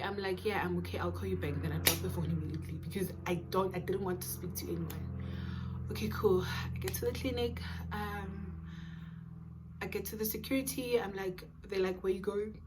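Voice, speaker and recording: Pregnant and animated, a young South African vlogger shares a personal story casually, performing the dialogue and now and then lowering to whispers. She has a medium-pitched voice, talks a little fast, and there's noise in the background.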